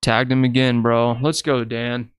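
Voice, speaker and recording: A man in casual chat on a podcast, blunt and opinionated, his voice smooth and resonant. The sound is dry and close, with no room around it. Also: mid-range voice, flat delivery, a little slow, no room sound. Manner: blunt, opinionated, swears freely. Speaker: podcast co-host. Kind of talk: casual fight-watching chat.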